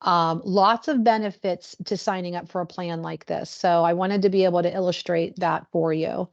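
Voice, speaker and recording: Female benefits presenter, chatty and animated, screen-share walkthrough over slightly muffled call audio. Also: fairly low pitch, moderate pace. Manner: chatty, animated, acts out quoted questions. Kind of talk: explaining benefits on a video call.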